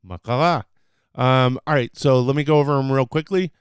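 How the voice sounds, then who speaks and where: A man hosting his own podcast, chatting loosely and unscripted, teaching short phrases with lots of fillers and the odd excited burst. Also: mid-range voice, fairly quick, clean tone, no echo, studio quality. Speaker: podcast host.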